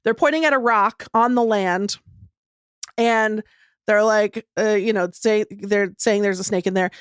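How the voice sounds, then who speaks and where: A woman's voice: mid-range voice, fairly even intonation, a little slow, clean tone, no room sound, studio quality. Rambling, giggly woman podcast host. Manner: rambling storyteller, laughs often. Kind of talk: casual chat.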